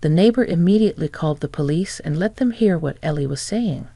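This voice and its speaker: A woman reading a scripted first-person story in an even, matter-of-fact way. Her voice is creaky and mellow, sitting at a middle pitch. It is recorded close and dry with no room sound. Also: a little fast, no echo. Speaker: narrator.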